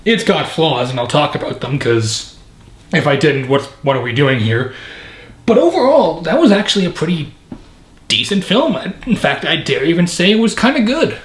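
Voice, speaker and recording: A man's voice: a little high, very animated, moderate pace, a little hiss or hum. A man giving a casual, joking reaction review of a movie, sarcastic and rambling. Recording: roomy echoey room.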